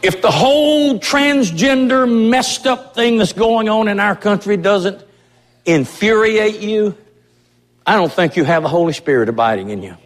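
A man's voice: high voice, animated, normal speed, hardly any pauses. A man preaching a sermon as pastor of his church, in an impassioned, emphatic way. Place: church sanctuary. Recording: long reverb of a church hall.

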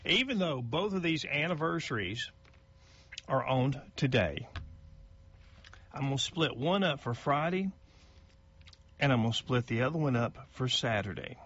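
A man's voice: mid-range voice, animated, a little slow, pauses often, a bit bright, husky, highs cut off. A middle-aged man, a local radio host reading out birthday announcements in a folksy, chatty way that stumbles over names.

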